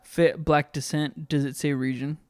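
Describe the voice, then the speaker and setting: A man's voice: a little high, little pitch movement, moderate pace, darkish tone, clear, resonant tone, dry recording. A man co-hosting a podcast in casual chat, rambling and often restarting his sentences. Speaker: podcast co-host.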